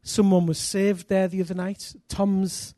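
A middle-aged man from England, preaching a sermon full of personal stories, energetic and self-deprecating with bursts of loud emphasis. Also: sits high, measured pace, dry recording, clean studio sound.

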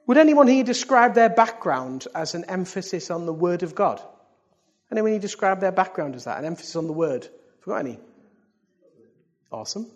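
A man preaching a sermon to his church. He swings from loud exclamations to hushed asides and keeps asking the congregation questions. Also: high voice, very animated, fairly quick. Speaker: pastor. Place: church service.

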